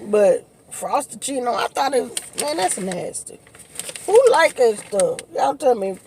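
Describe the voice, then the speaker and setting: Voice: mid-range voice, lively intonation, a little slow, background noise. A vlogger, chatting casually while eating on camera, laughing often and talking in loose, informal slang. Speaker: mukbang vlogger.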